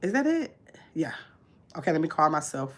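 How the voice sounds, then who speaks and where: A woman hosting a casual livestream, chatting to her viewers and dropping to a low mumble while she searches her phone. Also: very animated, normal speed. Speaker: livestream host.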